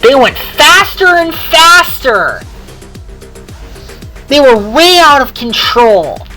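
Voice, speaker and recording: Woman telling a slow sing-song story. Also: sits high, big pitch swings, bright, forceful tone, faint music behind. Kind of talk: homemade story narration.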